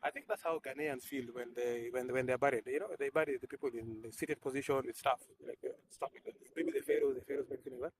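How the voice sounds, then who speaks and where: A man's voice: mid-range voice, fairly even intonation, quick pace, hardly any pauses. A man, a humanitarian health worker, telling a rambling, self-mocking comic story in a casual monologue. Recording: noisy background hiss.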